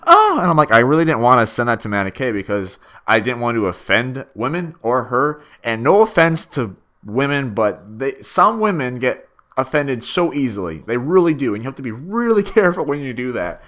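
A man's voice: medium pitch, lively intonation, fairly quick, few pauses, fairly bright tone. A young man giving a rambling, stammering director's commentary on his own machinima, full of fillers and swearing.

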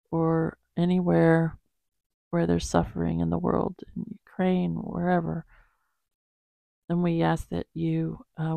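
A woman speaks a heartfelt spoken prayer at a very unhurried pace, her voice deeply gravelly throughout. She hesitates and pauses often between phrases. The sound is close and dry, with no room around it. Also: warm tone, no echo. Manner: slow, halting prayer with many pauses. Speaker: Bible-reading channel host. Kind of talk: spoken prayer and casual sign-off.

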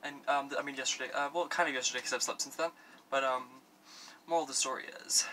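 A young man chatters through a home makeup tutorial in a very bright, tense voice that sits mid-range in pitch. He rambles, stacks up fillers and talks campily to himself between steps. A faint hiss runs under the recording. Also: steady tone, quick pace. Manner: rambling, filler-heavy, camp self-talk. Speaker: makeup vlogger. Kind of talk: parody beauty tutorial chat. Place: at home doing his makeup.

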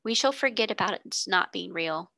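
A woman's voice: mid-range voice, lively intonation, moderate pace, creaky, pushed and bright, dry recording. A woman voicing an imaginative young girl who speaks graciously, in a dreamy pretend-princess voice.

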